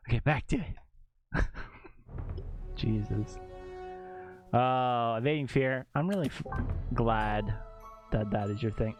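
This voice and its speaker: A man's voice: medium pitch, dull audio. A man chatting casually as a streamer, giggling often and swearing freely. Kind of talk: casual chat.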